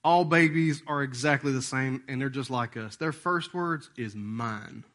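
A man's voice: on the high side, normal speed, a bit bright. A man, preaching a sermon as pastor in a folksy, joking way, often slipping into playful voices.

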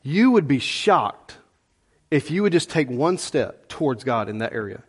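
A middle-aged man preaching a sermon as pastor, conversational and animated, with folksy asides to the congregation. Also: on the high side, moderate pace, breathy edge.

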